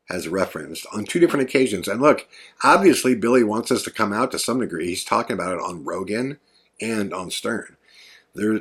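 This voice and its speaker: A man's voice: lowish voice, husky. A man hosting a podcast, telling a story in a rambling, earnest, conversational way with lots of fillers. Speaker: podcast host. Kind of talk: casual storytelling monologue.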